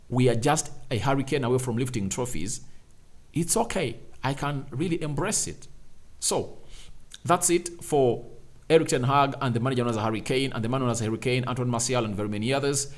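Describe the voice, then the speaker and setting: A man hosting a fan channel, giving opinionated football commentary with emphatic rhetorical questions and repeated phrases. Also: mid-range voice.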